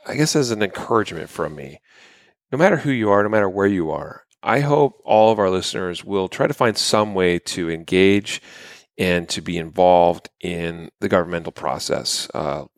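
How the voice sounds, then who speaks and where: A man's voice: deep voice, normal speed, vocal fry, dry recording, clean studio sound. A man co-hosting a podcast, chatting casually through the news with plenty of fillers. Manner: relaxed, many fillers. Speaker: podcast co-host.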